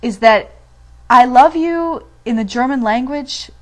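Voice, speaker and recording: Young American woman, fairly high voice, relaxed teacher with lots of fillers. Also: unhurried. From United States. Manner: chatty, with many fillers. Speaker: language teacher. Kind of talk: casual video lesson.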